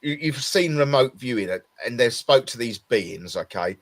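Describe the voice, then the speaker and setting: A man's voice: medium pitch, expressive, moderate pace. A tired man with an Essex accent, co-hosting a casual talk show and rambling with many restarts. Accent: Essex English. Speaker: podcast co-host. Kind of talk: casual conversation.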